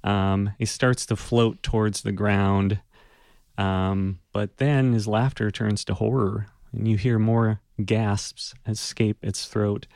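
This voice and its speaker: A man narrating a tabletop game as game master, unhurried and descriptive. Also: fairly low pitch, fairly even intonation, gravelly, darkish tone, no echo.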